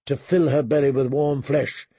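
Man, story narrator, gravelly, husky, measured reading. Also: mid-range voice, little pitch movement, warm tone, no echo. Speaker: audiobook narrator. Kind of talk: scripted narration.

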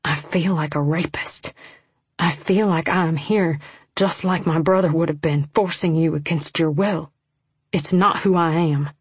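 A woman voicing a torn, anguished young man in a romance audiobook, speaking low, hushed and strained. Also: steady tone, unhurried, husky, no echo, heavily acted.

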